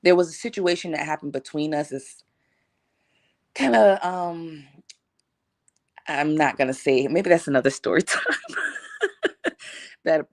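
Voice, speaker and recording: Animated woman telling a storytime. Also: extremely low pitch, dry recording, studio quality. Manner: animated, acts out her own past lines; relaxed slangy conversational delivery. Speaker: vlogger. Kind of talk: casual storytime.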